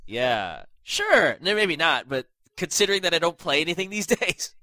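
A man's voice: a little high, sing-song, moderate pace, pushed and bright, no echo, poor audio. Stuffy-nosed young man hosting a chat. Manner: rambling, filler-heavy, self-deprecating. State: stuffy nose. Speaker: podcast host. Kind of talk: casual gaming podcast chat.

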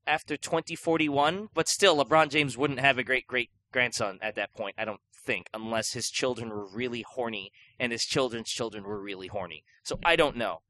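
A man's voice: medium pitch, normal speed, hardly any pauses, pushed and bright. A young man co-hosting a podcast, chatting casually in a rambling way with lots of fillers and restarts. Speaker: podcast co-host. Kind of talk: casual chat.

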